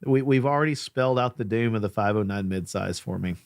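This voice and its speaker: A man's voice: on the low side, fairly quick, dry recording, clean studio sound. A man hosting a podcast, chatty and joking in a self-deprecating way. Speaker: podcast host. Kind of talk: casual podcast chat.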